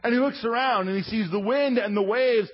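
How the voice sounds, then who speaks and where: A man preaching a sermon as a lively storyteller who acts out the quotes he tells. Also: very high-pitched, fairly quick. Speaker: preacher teaching a Bible lesson. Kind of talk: sermon, drawing while teaching. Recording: dull lo-fi sound.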